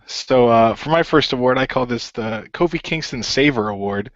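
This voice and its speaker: A man's voice: medium pitch, no room sound. A man hosts a casual chat, stumbling through fillers and breaking into laughs. His voice sits mid-range and comes through dull and lo-fi. The sound is dry, with no room around it. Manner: laughs often, halting with fillers. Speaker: podcast host.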